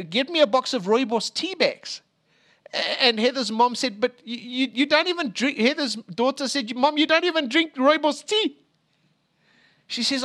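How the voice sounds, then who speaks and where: Guy preaching, high-ish voice, gets loud then goes quiet when telling stories. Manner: storytelling with emphatic rising and hushed drops. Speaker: pastor. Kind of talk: sermon.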